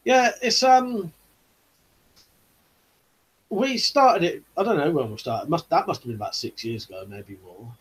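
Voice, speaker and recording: A man's voice: on the high side, lively intonation, measured pace, pauses often, breathy edge, low-quality recording. A man hosting a casual live-stream chat, rambling easygoing with lots of 'you know' fillers. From United Kingdom. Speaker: YouTube channel host.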